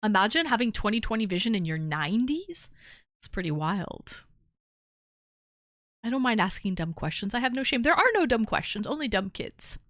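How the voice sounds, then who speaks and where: A woman's voice: medium pitch, very animated, normal speed, a bit bright, no echo. Woman streamer hosting a call-in show, chatty, laughs easily, dry close sound. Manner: chatty, laughs easily, reads chat aloud. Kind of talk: casual chat.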